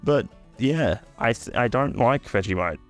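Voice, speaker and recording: A young man with an Australian accent ranting casually to camera, sweary and blunt, with jokey asides and sudden high-pitched outbursts. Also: lively intonation, a little slow, soft background music. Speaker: YouTuber.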